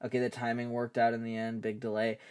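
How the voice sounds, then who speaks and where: A man's voice: mid-range voice, completely flat delivery, fast talker, clean tone, no room sound, clean studio sound. A man streaming a game live, chatting casually and swearing a bit, with faint game music behind. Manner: chatty, self-deprecating, swears.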